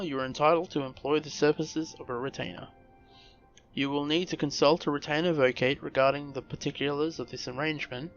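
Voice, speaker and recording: Guy reading out a polite noblewoman's lines, trips over words a lot, muffled audio, quiet music. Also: mid-range voice, lightly acted. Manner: stumbling reading with slips and restarts. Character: gracious noblewoman leader reading aloud. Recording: muffled recording with faint music.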